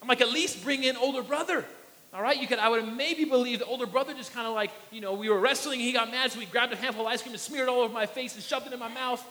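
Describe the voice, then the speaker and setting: A man preaching a sermon and telling a family story in an animated way, acting out his small son's voice. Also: extremely high pitch, quick pace. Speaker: pastor. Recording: long reverb of a large hall.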